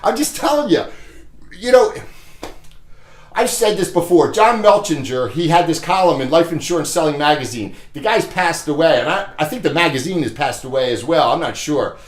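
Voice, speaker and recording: A man with a fairly high voice gives a blunt, motivational sales training talk. He chuckles between points and keeps checking in with "okay?", and the sound carries a roomy echo. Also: lively intonation, normal speed.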